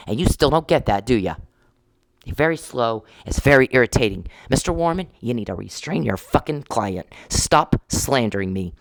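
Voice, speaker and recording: A man of middle pitch rants straight at his target, cursing freely and circling back on his own words. The sound is dry and close, with almost no room around it. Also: expressive, moderate pace, creaky, no room sound. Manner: profane and confrontational; rambling, with restarts. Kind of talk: angry monologue addressed to an opponent.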